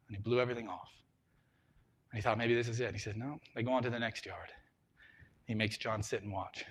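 A middle-aged man preaching a sermon, telling a story and swinging from loud emphasis to a hushed voice. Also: fairly low pitch, breathy edge. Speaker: pastor.

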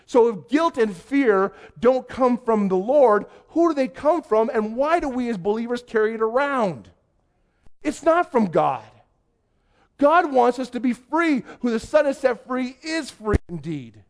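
High-voiced man telling a sermon story. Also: a little slow. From Canada. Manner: animated storyteller, acts out quoted voices. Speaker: youth pastor.

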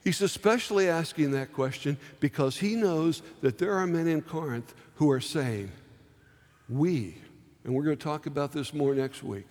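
A man preaching a sermon in a church sanctuary, his fairly high voice trailing into a long hall reverb. He slows right down to press his points and voices quoted pleas with feeling. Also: a little mellow. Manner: dramatic slow emphasis, acting out quoted pleas. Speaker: pastor.

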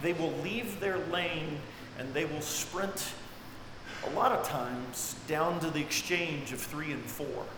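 A man preaching a sermon, swinging dramatically between near-shouts and hushed, low passages. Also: slow pace. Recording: echoey hall with faint noise.

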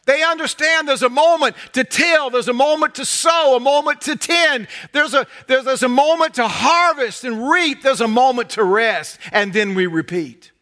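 A middle-aged man with a Southern American accent from North Carolina, preaching a sermon with folksy humor and animated storytelling that drops to soft intensity. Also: very high voice, moderate pace, hardly any pauses.

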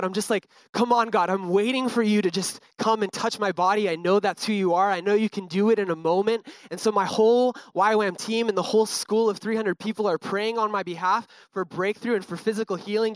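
A man's voice: high voice, clean tone, no echo. A young man giving an earnest, casual personal testimony, full of fillers. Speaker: speaker sharing a testimony.

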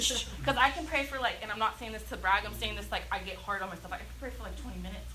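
A woman giving an excited, passionate church message, chatty and laughing often as she speaks. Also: medium pitch, fast talker, background noise. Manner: chatty, many fillers. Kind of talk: prophetic activation message.

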